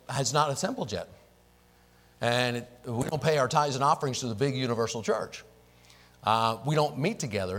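Man, pastor, teaching a church class, lively rising and falling pitch, rhetorical questions. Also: low-quality recording.

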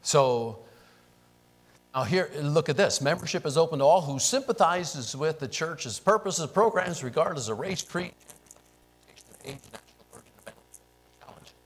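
Animated man teaching a church class. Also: on the high side, moderate pace, breathy edge, rough recording. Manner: animated, asks the class rhetorical questions.

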